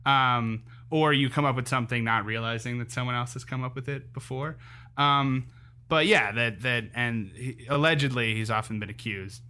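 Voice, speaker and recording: Bright-voiced chatty male co-host. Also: medium pitch, moderate pace. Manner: chatty, hedging, talks things through. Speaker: podcast co-host. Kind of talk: casual chat.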